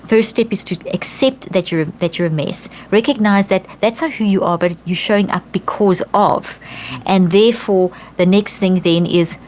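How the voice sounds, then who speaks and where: A middle-aged woman guest on a podcast, explaining in an earnest, animated way, often restarting and acting out quotes. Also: medium pitch, moderate pace, slight background noise. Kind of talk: conversational explanation.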